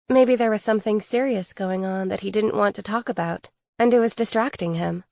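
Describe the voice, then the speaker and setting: Lady reading a cozy mystery book out loud, steady and even, medium pitch, dry close mic. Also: brisk, creaky, few pauses, dry recording. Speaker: audiobook narrator. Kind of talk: scripted first-person narration.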